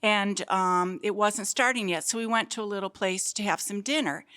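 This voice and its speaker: A woman tells a short personal anecdote at a live storytelling event in a museum space. She speaks casually and conversationally, at an ordinary pitch. She starts hesitantly and fills gaps with little ums. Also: normal speed, pushed and bright, clean tone.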